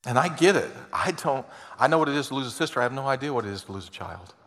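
A man preaching a sermon as a pastor, earnest, moving between loud emphasis and quiet, intimate asides. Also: mid-range voice, lively intonation, racing, big-room sound.

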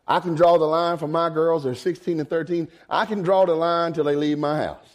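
A man, preaching a folksy sermon. He swings from low asides to high, emphatic exclamations. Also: fairly even intonation, a little fast. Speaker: pastor.

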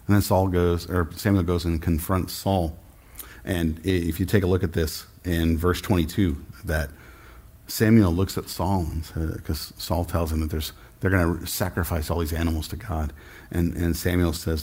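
Male pastor, deep husky voice, relaxed conversational sermon with frequent restarts. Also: moderate pace.

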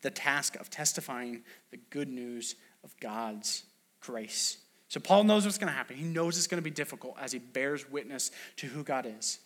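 A man's voice: mid-range voice, lively intonation, moderate pace, fairly bright tone. A man preaching a sermon in a conversational, storytelling way, with many restarts and acted quotes. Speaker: pastor.

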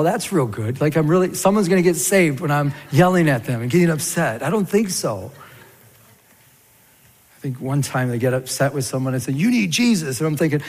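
Husky-voiced man teaching the Bible. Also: mid-range voice, big-room sound. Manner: conversational, frequent restarts and "you know". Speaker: pastor.

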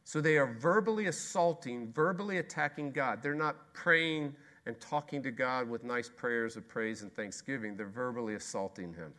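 A man preaching a sermon as pastor, emphatic and repetitive, swinging between loud exclamation and hushed intensity. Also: medium pitch, normal speed, hardly any pauses. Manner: repetitive rhetorical questions.

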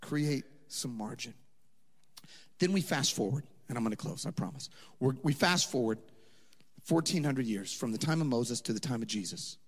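A man's voice: medium pitch, animated, normal speed. A man preaching with impassioned, conversational energy, his voice leaping up at emphatic peaks. The sound carries a long hall reverb around him. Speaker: pastor. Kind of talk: sermon.

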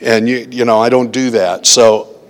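A man's voice: mid-range voice, steady tone, moderate pace. A pastor giving an informal, conversational teaching to a small group, often asking his listeners rhetorical questions. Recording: long hall reverb.

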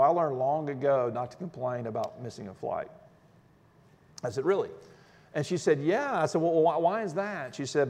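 Gravelly-voiced preacher in a big hall. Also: male voice, mid-range voice. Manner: animated storytelling with many restarts. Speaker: Baptist minister. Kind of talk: sermon storytelling. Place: church sanctuary. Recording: long reverb of a large hall.

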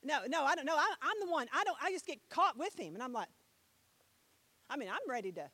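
A middle-aged woman preaching a sermon, telling a story with animated swings between loud and soft and putting questions to her listeners. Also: sits high, fairly quick. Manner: talks with the audience, asks them questions.

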